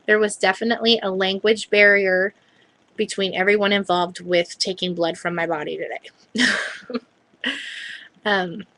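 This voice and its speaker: A woman's voice: mid-range voice, steady tone, a little slow, pauses often, sharp tone, no room sound, poor audio. A woman vlogger casually recounting a story, chatty and hedging, often quoting what others said.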